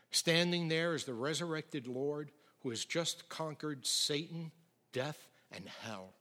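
A middle-aged male pastor preaching a sermon with emphatic swings from loud declarations to near whispers. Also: a little high, slow pace.

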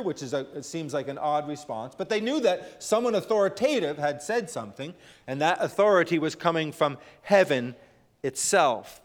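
With lively intonation, a male preacher delivers a sermon, reading and explaining scripture amid frequent "uh"s. He climbs in pitch on quotations and sinks low as phrases end, all in a long hall reverb.

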